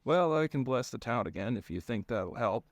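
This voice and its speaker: A man voicing a dry, sardonic male priest who answers with deadpan quips. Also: mid-range voice, moderate pace, no echo, natural voice. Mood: wry. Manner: deadpan, wry.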